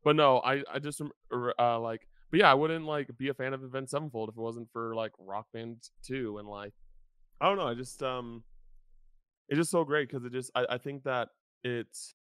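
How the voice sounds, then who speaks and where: A man's voice: mid-range voice, normal speed, fairly bright tone, smooth, dry recording, studio quality. A young man rambling in casual podcast chat, filling his talk with "like" as he goes. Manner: rambling, full of "like" fillers. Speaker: podcast co-host.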